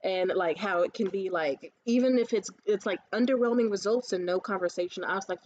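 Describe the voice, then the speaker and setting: A woman ranting casually to the camera, telling stories in a lively, profane way and acting out other people's lines. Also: mid-range voice, highs cut off. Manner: animated, profane storytelling; acts out others' lines in quick asides. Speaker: vlogger.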